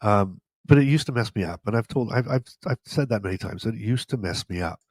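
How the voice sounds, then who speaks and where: Low-voiced man with a stuffy nose. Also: fairly quick, dry recording. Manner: animated, joking, self-deprecating. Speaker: podcast host. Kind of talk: casual storytelling monologue.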